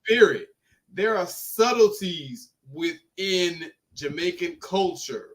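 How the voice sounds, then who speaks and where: Hyped up podcast guy, high voice, swears a lot, all over the place pitch-wise. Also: slow. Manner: animated, profane, emphatic. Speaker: podcast host. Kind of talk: casual podcast chat.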